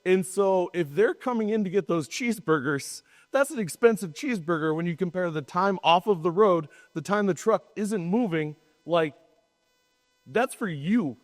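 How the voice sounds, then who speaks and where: A man co-hosting a casual panel talk at a trade show, quick and joking, with sarcastic asides. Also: high-pitched, animated. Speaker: podcast co-host. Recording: long hall reverb.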